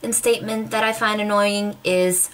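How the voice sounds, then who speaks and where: A young woman from the American Pacific Northwest talks straight to her camera, her accent clear and her voice pitched in an ordinary middle range. She rants in a chatty, exasperated way and drops sarcastic asides. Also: fairly even intonation, moderate pace, a bit bright. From Washington State, USA. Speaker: vlogger. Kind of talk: casual chat to camera.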